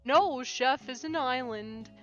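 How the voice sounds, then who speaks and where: A woman doing a slow, calm cooking teacher. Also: sits high. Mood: instructive. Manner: slow, proverb-quoting. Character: calm cooking-class instructor. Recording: dull lo-fi, off-mic, background music.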